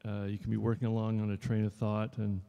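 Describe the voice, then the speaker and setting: A man's voice: lowish voice, completely flat delivery, quick pace, gravelly, lo-fi sound. Chatty man in his fifties, echoing hall. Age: 50s. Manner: chatty and rambling, jokes with the audience. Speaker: actor. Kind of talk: casual talk to a live audience. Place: showroom. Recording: long reverb in a showroom.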